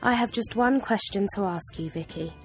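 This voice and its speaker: A woman voicing a strict female headmistress who speaks in a stern, sharp, loud way. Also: medium pitch, normal speed, soft background music, close to an everyday voice.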